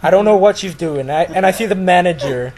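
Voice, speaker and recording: A man's voice: sits high, fairly quick, a little mellow, poor audio. A man casually telling a story to friends, rambling with lots of "like" and restarts.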